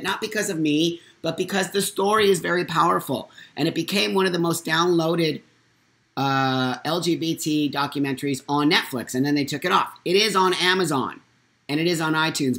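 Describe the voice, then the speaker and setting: Candid man hosting a casual chat. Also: on the high side. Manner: animated storyteller, candid and blunt. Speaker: host. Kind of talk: casual live talk show chat.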